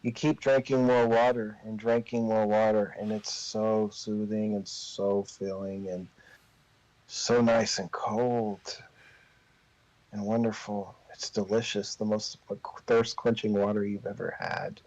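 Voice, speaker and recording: A man narrating a tabletop game as game master, telling the story in a slow, drawn-out way. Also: on the low side, level tone, darkish tone, no room sound. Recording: dull lo-fi recording.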